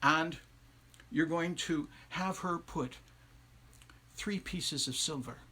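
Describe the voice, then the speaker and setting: A storyteller putting on a shrewd old village wise woman with the second sight, unflappable and commanding, who always knows more than she lets on. Her voice is pitched fairly high, with a husky edge and a bright, forceful ring. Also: slow pace, full character voice. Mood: reassuring.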